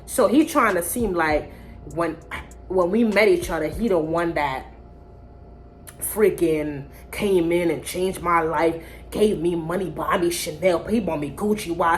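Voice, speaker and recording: A woman vlogger telling a casual storytime, blunt, profane and animated. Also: on the low side, unhurried, a little hiss or hum.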